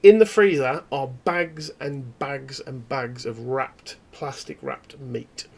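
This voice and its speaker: A man running a tabletop horror game as its game master. He tells the scene in halting, descriptive storytelling, with a gravelly rasp in his voice at a middling pitch. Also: darkish tone.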